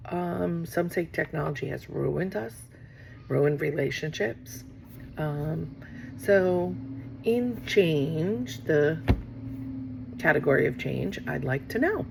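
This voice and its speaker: Middle-aged woman, casual vlog talk, gravelly fry in the voice, rambling, faint background hiss. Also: low voice, lively intonation, slow pace. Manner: rambling, acts out quoted exchanges. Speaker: vlogger. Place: office.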